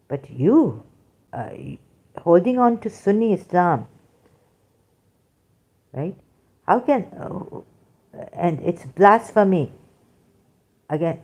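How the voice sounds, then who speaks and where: Casual stream host, woman, middle-aged; unhurried, mellow tone, emphatic with fillers. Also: lowish voice. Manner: animated, emphatic, frequent fillers. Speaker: livestream host reading chat. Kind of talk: casual livestream commentary.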